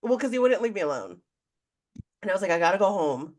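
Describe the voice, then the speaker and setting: A woman's voice: mid-range voice, fast talker. Woman telling a candid story. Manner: candid, animated storytelling, acts out quotes. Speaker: podcast co-host. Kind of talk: casual storytelling chat.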